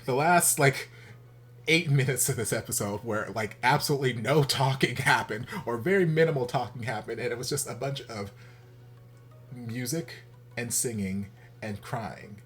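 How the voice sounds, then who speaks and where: A man talks through a reaction video at a middle pitch, his voice jumping between loud exasperated outbursts and low, weary muttering. His delivery is casual and animated. Faint music sits behind him. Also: normal speed.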